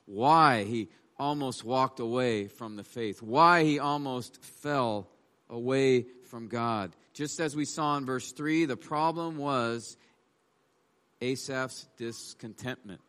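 A man's voice: medium pitch, slow pace, fairly bright tone. A man preaching a sermon, reading verses aloud and voicing the psalmist's complaints with rising emphasis. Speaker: pastor.

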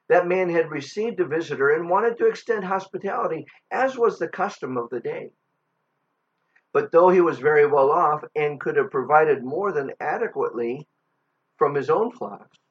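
A man preaching a sermon, telling a Bible story with dramatic pauses and strong emphasis. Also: a little high. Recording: dull lo-fi recording.

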